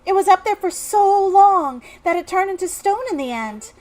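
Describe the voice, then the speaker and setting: A woman voicing a sweet little girl in a video game, high and nasal, telling a sad story in a wistful way. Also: animated, moderate pace, darkish tone.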